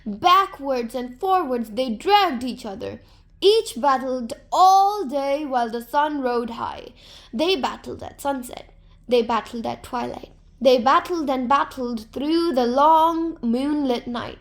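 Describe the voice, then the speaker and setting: Woman storyteller, children's folktale, high voice, slow and gentle, expressive.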